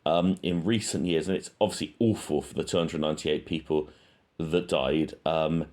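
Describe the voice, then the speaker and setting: A man with a low, deep voice speaks in a loose, unscripted monologue. He thinks aloud and hesitates often, filling the pauses with ums as he weighs his points. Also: steady tone, darkish tone. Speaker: true-crime channel host. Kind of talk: casual spoken monologue.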